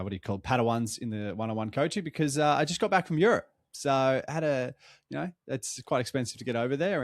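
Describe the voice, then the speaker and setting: A man's voice: medium pitch, no echo. A young Australian man co-hosting a casual podcast, telling travel stories with plenty of swearing. He sounds worn out from the trip. The recording is dry and close, with no room sound. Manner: swearing, animated storytelling. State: tired after travel. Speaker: podcast co-host. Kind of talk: casual chat.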